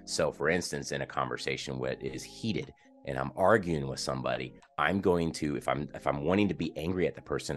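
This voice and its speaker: A man who coaches youth sports, a podcast guest explaining his ideas earnestly and growing animated as he makes his points. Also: a bass voice. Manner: earnest and explanatory, gets animated and louder when making points. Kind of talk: in-depth interview conversation.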